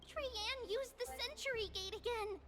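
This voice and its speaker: A very high-voiced young mystic. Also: female voice, slow, background noise. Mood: worried. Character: calm young female mystic sensing distant danger. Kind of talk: game character dialogue.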